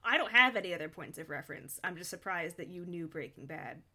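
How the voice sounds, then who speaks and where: Bright, playful woman on a podcast. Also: on the low side, animated, quick pace. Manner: playful, teasing. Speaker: podcast co-host. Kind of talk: casual chat.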